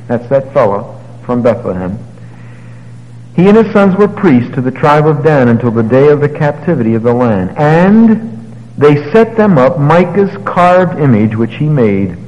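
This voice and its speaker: A male preacher delivering a sermon in a large hall, his voice ringing with a long reverb. He retells the story with animated paraphrases and moves between loud emphasis and quiet, low passages. His pitch sits in the middle range for a man. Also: muffled recording.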